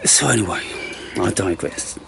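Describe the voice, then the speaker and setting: A man's voice: sits low, expressive, moderate pace, creaky, fairly bright tone, a little hiss or hum. Chatty man coaxing birds outdoors. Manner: chatty, coaxing animals in a singsong voice. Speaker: vlogger. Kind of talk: casual outdoor vlog talking to birds and squirrels. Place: outdoors in a garden or woodland.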